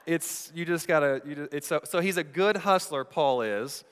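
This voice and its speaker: Pastor, male, clear resonant voice, slightly high, joking storyteller at the pulpit, church reverb. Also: a bit bright. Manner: playful storytelling, quick asides to the congregation. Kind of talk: sermon. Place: church sanctuary.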